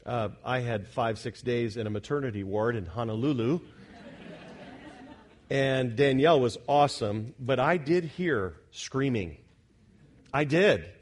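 A pastor preaches an expository sermon at an unhurried pace and medium pitch, conversing with the congregation, asking them questions and correcting himself. He drops to quiet asides, then rises to loud, shouting emphasis, with a faint crowd audible.

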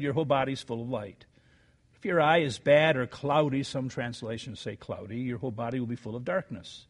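An older man preaching a sermon, telling a story with animated rises and quiet asides before reading scripture. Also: medium pitch, moderate pace, breathy edge. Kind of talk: sermon with anecdote.

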